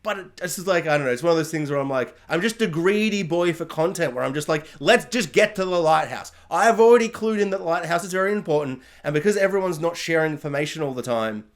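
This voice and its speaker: Young male reviewer, slightly high pitch, loose chatty monologue that jumps into quoted lines. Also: quick pace, hardly any pauses. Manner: rambling, animated, acts out characters' lines.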